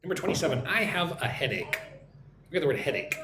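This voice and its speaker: A man from Texas with an American accent, hosting a live-stream English lesson, chatty and repeating phrases slowly for learners. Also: on the high side, sing-song, echoey room, background noise. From Texas, United States. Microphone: phone or computer mic for live stream.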